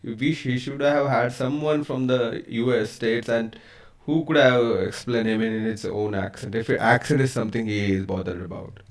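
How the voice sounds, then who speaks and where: A man's voice: mid-range voice, normal speed. A young man with an Indian accent, hosting a reaction video in casual commentary, mixing Hindi and English.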